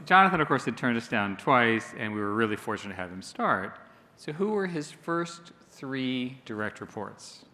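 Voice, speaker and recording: Man, dry teasing panel speaker, mid-pitched voice, echoey hall, faint background hiss. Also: big pitch swings, moderate pace, bright, forceful tone. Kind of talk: casual anecdote.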